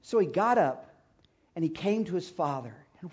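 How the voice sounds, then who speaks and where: Husky-voiced man preaching a story. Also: fairly high pitch, lively intonation, normal speed, dull audio. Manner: emphatic, swinging from loud to hushed. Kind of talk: storytelling sermon.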